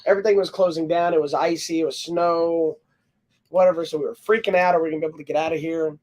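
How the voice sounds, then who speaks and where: A podcast co-host from Texas chatting casually, clearing the throat often and telling a long trip story with many restarts. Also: medium pitch, steady tone, fast talker, a little mellow. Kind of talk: casual chat.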